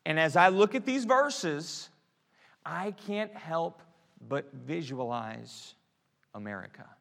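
A man preaching a sermon, swinging from hushed, quiet prayer to loud, emphatic exhortation. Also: fairly high pitch, lively intonation, slow pace, gravelly. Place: church sanctuary. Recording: long church reverb.

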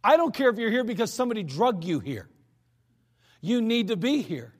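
A man's voice: high-pitched, big pitch swings, a little fast. A man preaching a sermon in a church, earnest and emphatic in a conversational way. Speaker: pastor. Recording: echoey church hall.

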